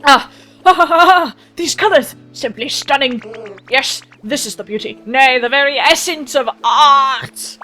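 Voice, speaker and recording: Pompous hungry painter creature for a game playthrough, flowery and grand, wobbly fake french accent, woman voicing, higher voice, soft music behind. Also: unhurried, poor audio. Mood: grandiose.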